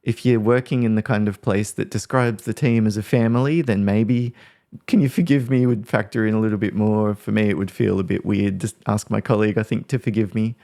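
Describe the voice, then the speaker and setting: Low-voiced man explaining casually. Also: fairly even intonation, brisk, creaky, hardly any pauses, mellow. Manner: conversational, thinks aloud, acts out example phrases. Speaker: workplace mediator and trainer.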